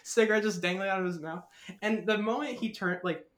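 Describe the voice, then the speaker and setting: A man's voice: high voice, a little fast. A man co-hosting a casual podcast, swearing and acting out quotes. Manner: swearing, quoting lines in impressions. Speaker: podcast co-host. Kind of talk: casual film chat.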